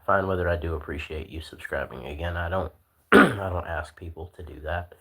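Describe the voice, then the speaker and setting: A man hosting a casual livestream, talking in a laid-back, soft-spoken way with lots of fillers. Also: low voice, moderate pace, husky. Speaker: livestream host.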